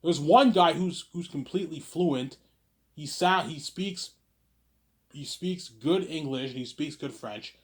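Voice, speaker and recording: A Quebec man reads viewer questions on his livestream in an unhurried, high-pitched voice. His casual monologue rambles and repeats, with stammering restarts and "obviously" tacked on again and again.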